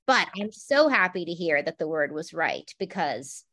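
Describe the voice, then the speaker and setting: A woman's voice: low voice, big pitch swings, normal speed, a bit bright. Encouraging, reflective woman host. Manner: encouraging, reflective, many "like" fillers. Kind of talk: supportive conversational chat.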